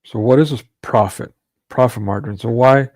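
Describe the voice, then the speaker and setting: A man's voice: mid-range voice, normal speed, a little mellow, no room sound. A man delivering a ranting monologue commentary, sarcastic and scornful, breaking into mocking laughs.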